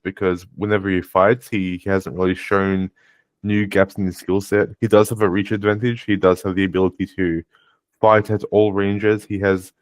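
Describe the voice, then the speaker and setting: A man co-hosting a podcast in casual chat. He calls his own voice monotone, often restarts his sentences and swears now and then. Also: on the low side, no room sound. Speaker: podcast co-host.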